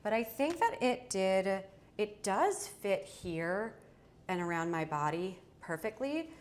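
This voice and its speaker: A woman's voice: medium pitch, big pitch swings, slow pace. A woman hosting a live fashion try-on from her small home studio, chatty and addressing viewers directly. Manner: chatty, self-interrupting, talks to viewers. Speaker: fashion livestream host. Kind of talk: casual live try-on chat.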